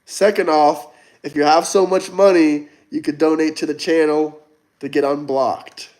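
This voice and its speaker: A man's voice: on the high side, steady tone, a little slow, darkish tone. A young man from the United States hosting a casual livestream, reading chat and answering viewers in a blunt, argumentative, mocking way. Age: young adult. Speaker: livestream host.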